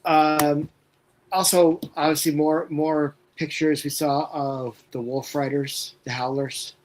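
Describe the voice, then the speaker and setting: Male co-host, fairly high voice, hesitant and filler-heavy, casual live stream chat. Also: level tone, slow, a little hiss or hum. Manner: hesitant, many filler sounds.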